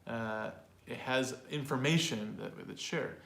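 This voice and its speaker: A man's voice: medium pitch, a little slow, a bit bright, echoey room. A man teaching an online pronunciation lesson, chatty and loose, repeating example phrases aloud to show how they sound. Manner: loose and chatty, with fillers and small laughs. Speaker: language teacher and host.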